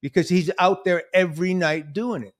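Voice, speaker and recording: A man with a fairly high-pitched voice hosts a podcast in a relaxed, conversational style. He tells stories with animation and slips into other voices whenever he quotes someone. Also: moderate pace. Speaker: podcast host. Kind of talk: casual conversation.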